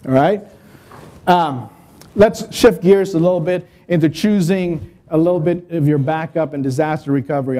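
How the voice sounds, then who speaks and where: Mellow-voiced man giving a lively business talk. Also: on the high side. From United States. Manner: energetic, storytelling, conversational with audience asides. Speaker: conference speaker. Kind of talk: business presentation.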